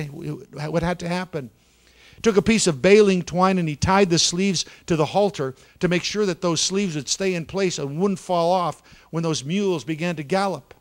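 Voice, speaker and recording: A man telling a story in a sermon with great drama, swinging from loud, urgent bursts to hushed near-whispers. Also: fairly high pitch. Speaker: pastor. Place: church sanctuary.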